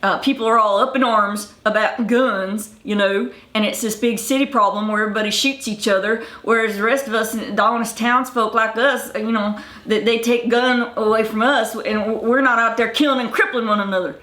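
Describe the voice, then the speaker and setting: A woman's voice: a little high, steady tone, moderate pace, hardly any pauses, fairly bright tone, lightly acted. A woman voicing a rural mountain man who rambles on in a folksy complaint, recorded in an echoey room. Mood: aggrieved. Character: rural mountain man grumbling about guns.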